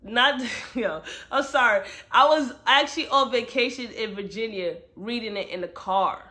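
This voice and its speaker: A woman's voice: on the high side, moderate pace, pushed and bright. A woman giving a casual, slang-filled book review, retelling the plot with lots of "you know" asides.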